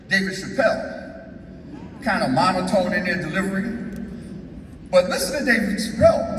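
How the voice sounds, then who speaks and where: A man's voice: high voice, a bit bright. A man giving an emphatic, folksy storytelling speech to an audience. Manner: folksy, emphatic, asks "Okay?". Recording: echoey hall, speaker far from mic, faint noise.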